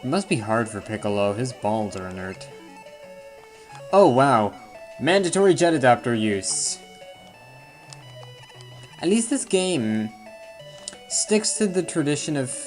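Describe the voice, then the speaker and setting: A man's voice: mid-range voice, big pitch swings, slow pace, long pauses. Rambling man commentating a video game. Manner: rambling, self-deprecating, jokey asides. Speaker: let's play commentator. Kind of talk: casual gameplay commentary. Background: faint game music.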